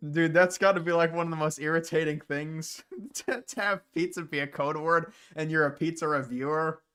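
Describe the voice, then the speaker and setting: A man's voice: on the high side, measured pace, sharp tone, smooth. Rambling man hosting a livestream. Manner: rambling, answers viewers' comments. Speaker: livestream host. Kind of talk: casual livestream chat.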